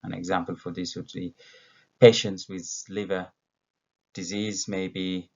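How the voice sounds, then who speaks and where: Slow, gravelly-voiced man teaching vocabulary. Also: low voice, level tone, a little mellow. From Ethiopia. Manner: slow, patient, with many fillers and self-corrections. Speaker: English teacher. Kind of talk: recorded vocabulary lesson. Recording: dull lo-fi recording.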